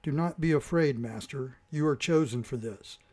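A man voicing a calm, wise male Emberok guide in a storybook reading, speaking slowly and gravely. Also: mid-range voice, natural voice. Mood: solemn. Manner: slow, grave and measured.

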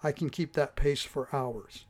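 A man's voice: medium pitch, a little slow, a little mellow, close to an everyday voice. A man voicing an earnest, unsure young male hero in a storybook reading, speaking with urgency.

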